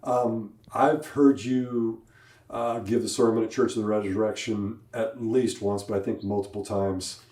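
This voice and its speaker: A man's voice: fairly low pitch, fairly even intonation, a little slow, dark tone. A man hosting an interview, supportive, asking open questions and backing his guest with short replies. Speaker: podcast host. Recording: distant, echoey room mic.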